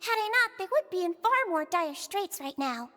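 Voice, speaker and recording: Tiny dutiful nurse girl, very high voice, polite and gentle, game audio, reverberant. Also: lively intonation, moderate pace, slight background noise, heavily acted. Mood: earnest. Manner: polite, soft-spoken.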